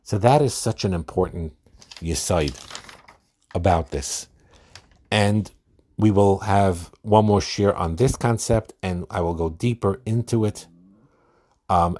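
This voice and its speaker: Low-pitched male podcast host, earnest and unscripted, repeats as he goes. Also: darkish tone. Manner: earnest, repeats words when starting a thought. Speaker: podcast host giving marriage advice. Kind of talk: solo podcast talk.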